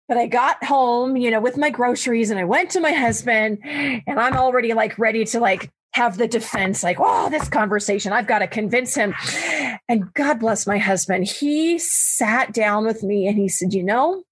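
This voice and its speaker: Woman guest, animated storyteller, slightly high voice, laughs often. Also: moderate pace, slightly rough, poor audio. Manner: animated, laughing, big pitch swings on quoted thoughts. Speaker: guest sharing adoption story. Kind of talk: casual storytelling.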